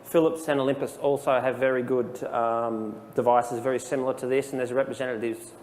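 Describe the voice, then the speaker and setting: Man giving a relaxed training talk. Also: mid-range voice, brisk, in a large hall, a little hiss or hum. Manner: casual and explanatory, with fillers. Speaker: software trainer. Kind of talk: live training presentation. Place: presentation room with an audience. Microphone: handheld dictation microphone.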